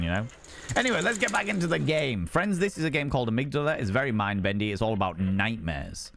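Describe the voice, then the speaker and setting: A man's voice: fairly low pitch, animated, brisk, creaky, a bit bright, a little hiss or hum. A man chatting casually with viewers on a game stream, rambling and repeating himself.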